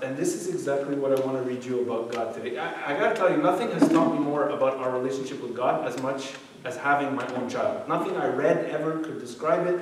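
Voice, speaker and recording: A man's voice: mid-range voice, fast, few pauses, background noise. A man in his thirties giving a casual, joking talk to a youth group, full of "like" and "okay". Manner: chatty, jokey storytelling with frequent "like" and "okay". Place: church meeting room. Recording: echoey room from a distant mic.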